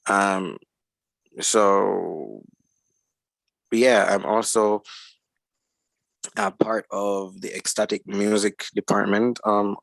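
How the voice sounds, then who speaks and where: Slow, gravelly young man telling his story. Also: on the low side, a bit bright, no echo. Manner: unhurried, rambling storytelling. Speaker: guest musician and producer. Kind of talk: casual podcast interview.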